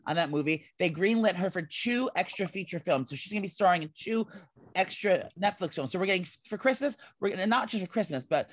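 A man's voice: high-pitched, expressive, fairly quick, a bit bright. A man co-hosting a podcast in casual chat, rambling with lots of fillers and restarts. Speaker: podcast co-host.

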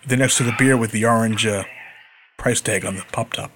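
A man's voice: lowish voice, fairly even intonation, a little fast, a bit bright, slight background noise. A man hosting a podcast, chatting casually, teasing his friends and swearing freely. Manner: teasing, laughing, profane banter. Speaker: podcast host. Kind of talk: casual chat.

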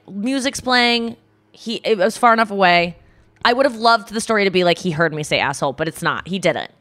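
Telling a story during a casual podcast chat, a woman co-host acts out what people said with lively energy and plenty of cursing. She speaks in a mid-range voice.

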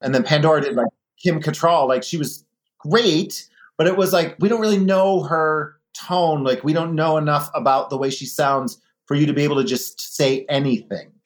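A man being interviewed in a casual chat, an animated storyteller who slips into other people's voices now and then. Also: a little high, moderate pace. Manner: chatty, animated storyteller, mimics voices in anecdotes. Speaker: guest, drag performer.

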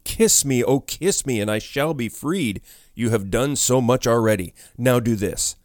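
A man's voice: medium pitch, lively intonation, unhurried, darkish tone, no echo, clean studio sound, lightly acted. A man reading the part of a male ghost who begs a woman for love in a beseeching, imploring voice. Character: pleading male ghost, young, yearning.

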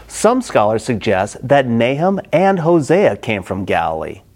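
A man's voice: medium pitch, a little mellow. A middle-aged man preaching a Bible-study sermon, acting out the quoted characters expressively.

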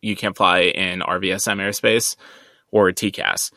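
Bright-voiced man telling jokes. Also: low voice, flat delivery, measured pace, no echo. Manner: tells jokes with voiced characters, laughs. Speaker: podcast co-host, pilot. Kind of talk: casual chat and joke telling.

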